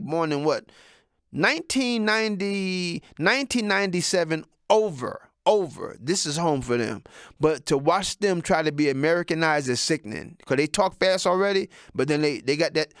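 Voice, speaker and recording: A man's voice: sits high, no echo, clean studio sound. A man in his sixties doing a profane, rambling stand-up monologue. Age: 60s. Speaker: comedian.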